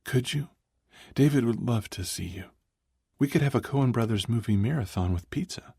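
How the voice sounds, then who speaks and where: A man's voice: medium pitch, animated, moderate pace, creaky, a little mellow, breathy edge, no echo, clean studio sound, pitched above the performer's own voice. A man voicing a tired, worried woman who speaks with a wobbly voice in an audiobook. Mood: hopeful. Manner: wobbly, weary. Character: tired worried woman, his old friend.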